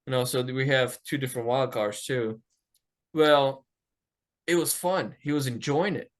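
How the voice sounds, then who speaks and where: A man hosts a podcast and tells a story in a loose, casual chat. He talks in an animated way, swears freely and acts out what other people said. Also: medium pitch, measured pace. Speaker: podcast host.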